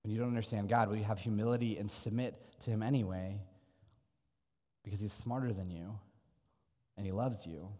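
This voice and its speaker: A man's voice: lowish voice, steady tone, a little fast, pauses often, mellow, long reverb tail. A man preaching a sermon in an earnest, conversational way, asking his listeners rhetorical questions. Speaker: pastor.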